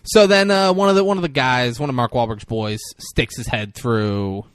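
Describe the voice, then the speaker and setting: A young man co-hosting a podcast, retelling a movie in a casual, profane, animated way. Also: medium pitch, normal speed, clean tone, no echo, studio quality. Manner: profane, animated storytelling with acted quotes. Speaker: podcast co-host.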